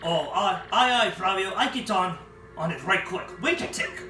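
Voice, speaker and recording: A player voicing a rough male sailor who grumbles in salty seafaring talk. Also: mid-range voice, animated, moderate pace, bright, forceful tone, echoey room, recorded from a distance, soft background music. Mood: cheeky. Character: rough male sailor deckhand, gruff and put-upon. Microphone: phone.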